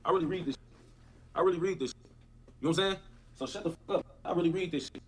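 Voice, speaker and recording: Fast high-voiced man ranting. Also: slightly rough. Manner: animated, repetitive, cursing. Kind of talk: profane livestream rant.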